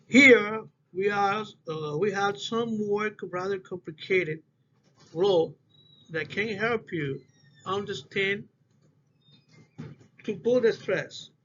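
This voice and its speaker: Halting high-voiced man giving a class talk. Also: fairly bright tone. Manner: halting, restarts phrases, non-native English phrasing. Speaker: student presenter. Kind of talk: class presentation on phonetics. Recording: dull lo-fi audio with faint hiss.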